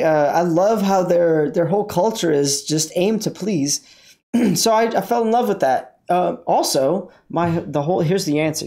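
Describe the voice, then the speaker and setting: A man's voice: a little high, a little mellow. A man hosting a casual livestream from inside his car, rambling, joking and talking back to his chat. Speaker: livestream host.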